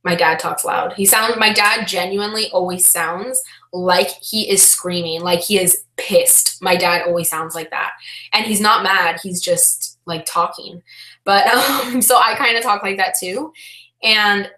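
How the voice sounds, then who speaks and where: Young woman live streaming, loud and chatty, bright punchy voice, roomy echo. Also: medium pitch, a little slow. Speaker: online reseller hosting a live stream. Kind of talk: casual live-stream chat. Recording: echoey room.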